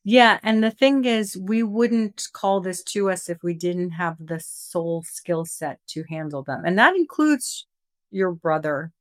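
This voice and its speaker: A woman leading a spiritual group over a video call. She speaks gently and affectionately, often trailing into fillers. Her voice sits slightly low and sounds dry and close. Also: animated, measured pace, no room sound. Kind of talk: online group session.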